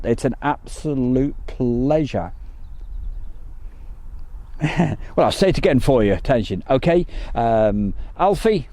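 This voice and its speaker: A man with a lowish, dark-toned voice hosts a live stream, chatting casually and greeting viewers by name. His talk is full of ums and pauses.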